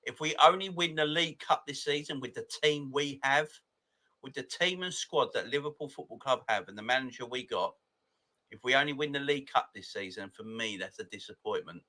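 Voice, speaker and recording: Excitable forty-year-old man. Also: medium pitch, fairly quick. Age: 40s. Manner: excitable, laughs often, greets viewers by name. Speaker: football fan channel host. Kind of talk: casual live chat reading viewer comments.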